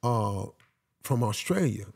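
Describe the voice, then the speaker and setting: A man's voice: lowish voice, expressive, slow, gravelly, darkish tone, breathy edge. A man speaking as a podcast guest, telling a personal story in an emphatic, casual way and often saying "man.". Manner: emphatic, peppers talk with "man".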